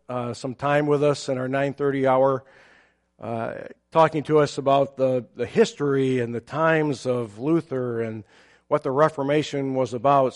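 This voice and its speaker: A pastor preaching a sermon, explaining a Bible passage in a measured, teacherly way with occasional fillers. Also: male voice, mid-range voice.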